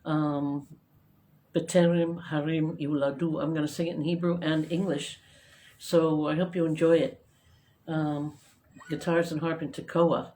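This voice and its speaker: A woman's voice: sits low, level tone, measured pace. A woman singer-songwriter chatting casually between songs on a home live stream, rambling with plenty of ums and uhs. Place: home living room. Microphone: guitar plugged in and a live-stream microphone. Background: her own acoustic guitar playing loudly.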